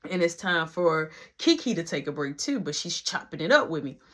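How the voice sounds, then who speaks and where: An animated young man spins a casual storytime yarn in loose slang, jumping into the voices of everyone in it. His delivery is lively and conversational throughout. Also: fairly high pitch, fairly quick. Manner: animated, slangy, acts out quotes. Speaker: vlogger telling a story.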